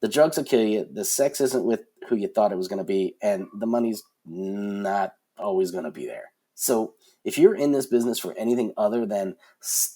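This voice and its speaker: A man's voice: fairly low pitch, mellow, breathy edge. Rambling, frank man in his forties. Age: 40s. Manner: rambling, frank, with many fillers and restarts. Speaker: guest, concert production manager. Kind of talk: casual storytelling in a podcast interview.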